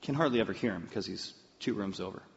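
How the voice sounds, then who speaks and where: A man preaching a sermon, telling a personal story in an animated way. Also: fairly low pitch, quick pace, vocal fry. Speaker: pastor. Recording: muffled sound in a reverberant hall.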